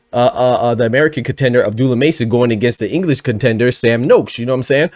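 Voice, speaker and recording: A man's voice: medium pitch, dry recording. Chatty man hosting boxing news, dry sound. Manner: energetic, chatty, full of asides and sudden laughter. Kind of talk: casual commentary.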